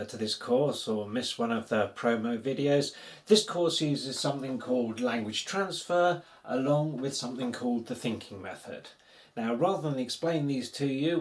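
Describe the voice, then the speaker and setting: A man's voice: mid-range voice, roomy sound. A man explaining vocabulary in a recorded language lesson, patient and chatty, with frequent fillers. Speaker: language teacher.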